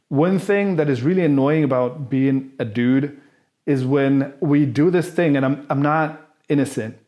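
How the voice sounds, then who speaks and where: Medium in pitch and a little mellow, this man is a vlogger responding to viewers with a personal anecdote. He's frank and profane, doing impressions of the people he describes.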